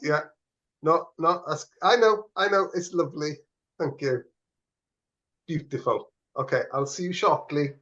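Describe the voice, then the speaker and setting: A man's voice: on the high side, unhurried, long pauses, sharp tone. A man co-hosting a podcast, chatting casually, laughing often and stumbling over his words. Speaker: podcast co-host. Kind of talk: casual chat. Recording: slightly dull lo-fi audio.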